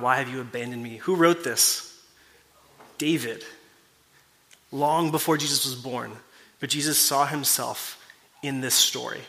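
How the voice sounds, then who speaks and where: A man's voice: medium pitch, bright, forceful tone. A man preaching a sermon as pastor, asking the congregation questions and reading scripture aloud.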